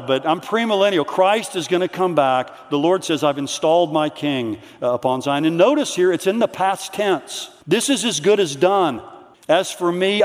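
A man preaching a conference sermon in earnest, reading quotes slowly so they sink in. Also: on the high side. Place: large hall. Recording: long hall reverb.

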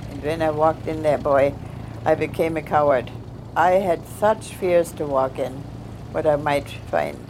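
An older woman from Germany, earnestly recounting her past, pausing and restarting as she remembers. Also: deep voice, noisy background. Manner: earnest, heartfelt recollection with halting restarts. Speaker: survivor giving testimony. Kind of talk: personal storytelling.

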